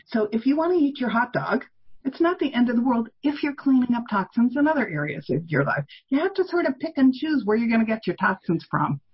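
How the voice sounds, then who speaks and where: A woman's voice: a little high, very animated, a little fast, slightly rough, dull audio. A woman in her sixties, a guest on an interview podcast, explaining health views in an emphatic, opinionated way. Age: 60s. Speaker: guest, toxin elimination author.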